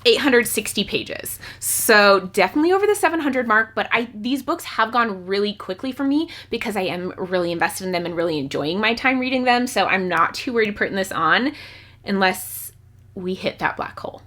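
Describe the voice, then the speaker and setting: A young woman chatting excitedly as a book vlogger, bubbly and talkative, now and then squealing with delight. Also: mid-range voice, normal speed. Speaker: book YouTuber. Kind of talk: casual vlog chat.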